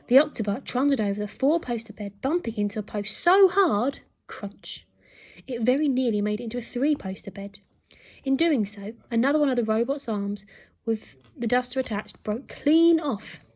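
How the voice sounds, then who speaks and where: A teacher, a woman, reading a children's book aloud with lively storytelling and acted sound effects. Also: on the high side, slightly rough.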